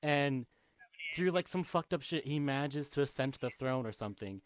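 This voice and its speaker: Medium in pitch with lively intonation and a moderate pace, this podcast co-host casually rambles through a video game's plot, full of swearing and laughter. His dull lo-fi mic carries no echo.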